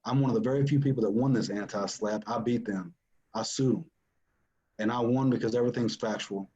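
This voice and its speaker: A man's voice: medium pitch, fairly even intonation, brisk, mellow. Dad telling his story, earnest and emphatic, kinda dull recording. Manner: earnest, emphatic, repeats for stress. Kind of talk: personal testimony.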